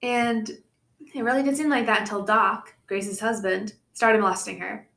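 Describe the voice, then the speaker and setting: A woman's voice: mid-range voice, steady tone, moderate pace, creaky, fairly bright tone. Young woman podcast host, casual true-crime storyteller, mid-range voice, recorded in an echoey room. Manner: reads the case with chatty asides and laughs. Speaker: podcast co-host presenting the case.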